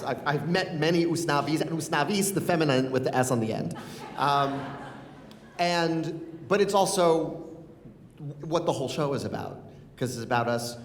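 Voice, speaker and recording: A man in his forties, a guest in a live onstage conversation, speaks in a quick, playful, reflective way. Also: fairly high pitch, slight background noise. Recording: echoey hall.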